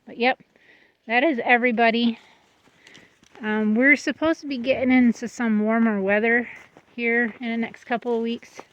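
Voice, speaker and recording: A woman's voice: fairly high pitch, fairly even intonation, normal speed, a bit bright. A woman giving a casual vlog tour of her goat pen, chatting fondly and now and then talking to her goats. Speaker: goat breeder. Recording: slightly dull lo-fi sound.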